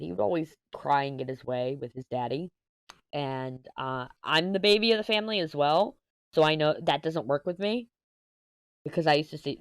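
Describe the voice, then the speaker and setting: A deep-voiced woman in her 30s, recorded dry with clean studio sound. She hosts a crafting channel and chats casually while diamond painting, rambling through a story and catching her own mistakes as she goes.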